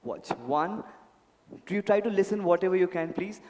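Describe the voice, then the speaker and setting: Holding a handheld mic, a male stage magician politely urges volunteers up, addressing them as sir and ma'am. He speaks at normal speed in a high voice, and the big room at this club event carries a noisy background.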